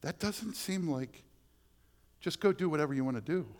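Shifting from quiet, unhurried phrases to forceful, loud declarations, a male pastor delivers his sermon in a voice on the high side.

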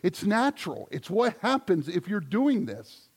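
A man preaching from the pulpit in a fairly high voice. He leans hard on key words with loud declarations, then drops to soft, quiet asides. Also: very animated, a little slow, slightly rough. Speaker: pastor. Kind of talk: sermon.

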